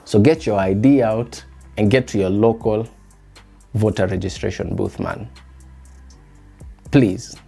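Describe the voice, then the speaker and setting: A young Kenyan man with a Kenyan accent talks through a solo podcast episode in a mellow, warm voice. He muses aloud and keeps putting rhetorical questions to his listeners, while faint music plays underneath. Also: lowish voice, steady tone, measured pace, vocal fry, long pauses. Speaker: podcast host.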